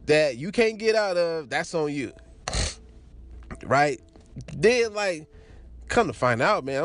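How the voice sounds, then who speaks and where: A man telling a crude personal story in casual chat, laughing often and restarting his sentences as he rambles. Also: high voice. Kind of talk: casual anecdote monologue.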